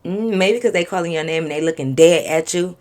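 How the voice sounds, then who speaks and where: A young man speaks evenly and drily, pointing out the obvious without any fuss, as a woman voices him while telling a story. His delivery is calm and unhurried. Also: on the low side, lightly acted. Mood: dry.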